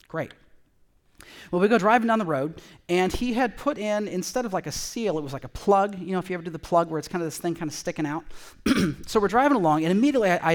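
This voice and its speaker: A middle-aged man preaching with a slightly high voice. He is a pastor from California who opens with a personal story, talking in a lively, conversational way. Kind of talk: storytelling sermon.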